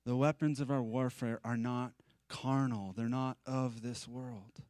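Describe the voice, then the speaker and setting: A man preaching a conversational sermon at a live-streamed church service. He is animated and chatty, with self-deprecating asides. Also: mid-range voice, measured pace, dry recording. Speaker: pastor.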